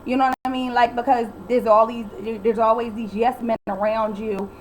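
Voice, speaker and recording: A woman ranting bluntly through a casual recap, sarcastic and exasperated, often swearing and quoting others in quick put-on voices. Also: on the high side, flat delivery, a little hiss or hum, poor audio. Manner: acts out others' lines in quick quoted voices. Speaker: reality TV recap vlogger.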